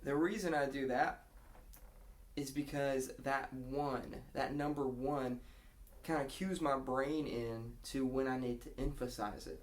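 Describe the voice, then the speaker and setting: A man's voice: mid-range voice, fairly even intonation, a little slow, a little hiss or hum. A man giving a casual guitar lesson, explaining a strumming pattern and counting beats aloud. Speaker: guitar teacher.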